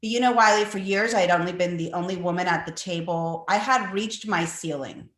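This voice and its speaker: A woman's voice: on the low side, brisk, fairly bright tone. Chatty middle-aged woman in echoey room. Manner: rambling, chatty, many fillers. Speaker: cookbook author guest. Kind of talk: conversational interview answers.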